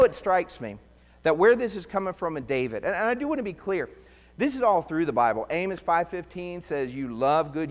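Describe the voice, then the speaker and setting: Lively man preaching in a reverberant church. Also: fairly high pitch. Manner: animated, joking storyteller. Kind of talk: conversational sermon.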